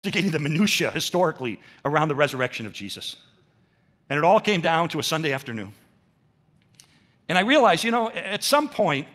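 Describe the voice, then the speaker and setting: An older man telling his faith story as a sermon at a church, with animated storytelling and acted-out quotes. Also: fairly high pitch. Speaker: speaker at a church. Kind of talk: testimony sermon.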